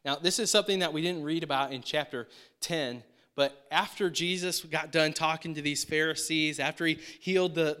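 Bright-voiced man teaching a Bible passage. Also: on the high side. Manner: conversational, acts out disciples' lines in quick voices. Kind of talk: casual Bible study teaching.

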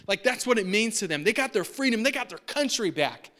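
Bright-voiced casual preacher man. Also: sits high, animated, brisk. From United States. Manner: casual, chatty, sprinkles in "like" and "right?". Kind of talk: conversational sermon.

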